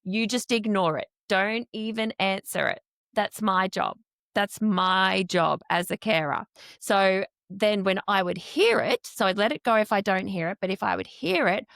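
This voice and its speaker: A woman's voice: mid-range voice, animated, normal speed, gravelly, fairly bright tone, no room sound, studio quality. A woman hosting an interview, talking earnestly and emphatically as a foster carer. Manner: earnest, emphatic, acts out quoted speech.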